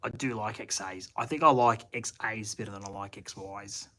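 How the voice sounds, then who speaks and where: A man's voice: lowish voice, normal speed, pushed and bright. A man with a broad Australian accent, hosting a casual live chat from his shed and thinking aloud in a rambling, slangy way. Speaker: channel host answering live chat. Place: home shed at night.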